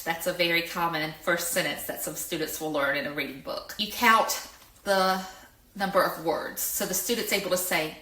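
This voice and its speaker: Bright-voiced woman teaching in echoey room. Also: on the low side, normal speed. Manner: patient, stretches words out when demonstrating. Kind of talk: explanatory lesson.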